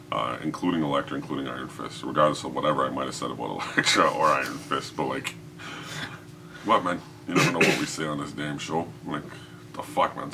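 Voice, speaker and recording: A man's voice: rumbling low, bright, forceful tone, a little hiss or hum. A man hosting a casual comics podcast, talking in a rambling, profane way and laughing often. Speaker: podcast host.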